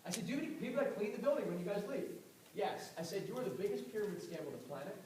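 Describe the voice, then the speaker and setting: A man giving a fast, animated motivational talk on network marketing to a live audience, telling stories with a confrontational edge. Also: sits high. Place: event hall with audience. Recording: echoey room, far mic, audible noise.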